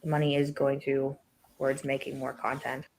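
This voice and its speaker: A woman speaking reflectively and haltingly in a video clip, with many fillers. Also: rumbling low, flat delivery, darkish tone.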